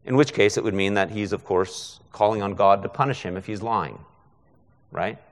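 With a fairly low voice at a moderate pace, this guest preacher gives a conversational expository sermon in a big-sounding room. He keeps asking listeners "right?" to check in with them.

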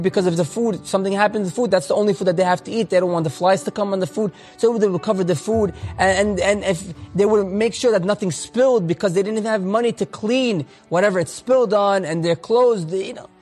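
Earnest high-voiced male storyteller. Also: fairly quick, a little mellow, faint music behind. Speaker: religious storyteller. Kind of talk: retelling a religious story.

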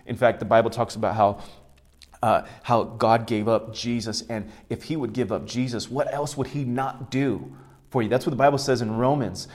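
Guy preaching, mid voice, repeats stuff and gets loud and emphatic. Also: medium pitch, fairly even intonation, moderate pace. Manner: builds to emphatic, loud passages; repeats key phrases for emphasis. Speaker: pastor. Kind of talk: sermon.

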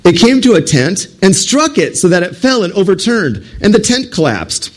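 A man voicing a Midianite soldier who tells his companion about a strange dream, in a higher, wondering voice. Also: sing-song, moderate pace. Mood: amazed.

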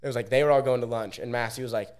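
A man's voice: medium pitch, fairly even intonation, very fast, a little mellow. Laid-back young man telling stories. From Oregon, USA. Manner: laid-back, fills speech with "like". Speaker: podcast guest, pro athlete. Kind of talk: casual storytelling.

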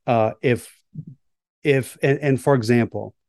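A man's voice: medium pitch, slow, darkish tone, dry recording, clean studio sound. A man, a workplace psychologist, answering interview questions in a thoughtful, hedging way. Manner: thoughtful, hedging with "right?" and "kind of".

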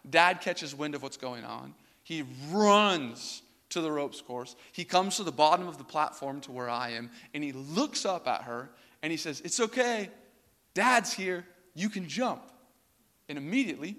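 A man's voice: on the high side, bright, forceful tone. A young man preaching a sermon, telling a personal story in a casual way with many filler words. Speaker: pastor. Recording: reverberant hall.

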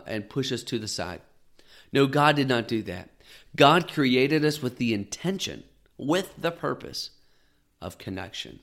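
A man in his thirties giving an earnest, gentle devotional sermon as a podcast host, often dropping to soft tones. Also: medium pitch.

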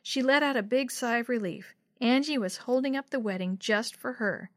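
A woman narrating a children's storybook in a clear, expressive reading voice. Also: on the high side, moderate pace, dry recording, studio quality.

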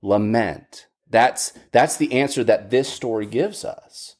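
A man's voice: mid-range voice, takes it slowly, a little mellow. A man teaching a Bible study lesson in an earnest way, often restarting and repeating words.

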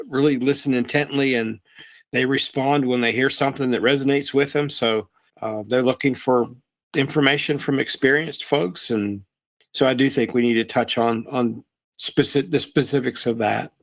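A man hosting a podcast in casual interview chat, talking in a relaxed way and laughing along with his guest. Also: mid-range voice, normal speed. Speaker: podcast host.

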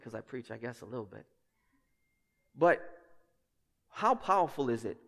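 Pastor preaching in a hall. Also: male voice, fairly high pitch. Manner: emphatic, swings between hushed and loud; rhetorical questions and asides to the congregation. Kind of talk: sermon. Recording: reverberant church hall.

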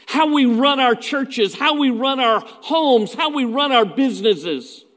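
A man's voice: extremely high pitch, expressive, unhurried, fairly bright tone, big-room sound. A man preaching a sermon as pastor, telling stories in a folksy way with asides.

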